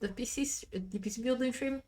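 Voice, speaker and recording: A woman's voice: a little high, a little fast, mellow, faint music behind. A woman streaming live, chatting casually and rambling as she answers her chat.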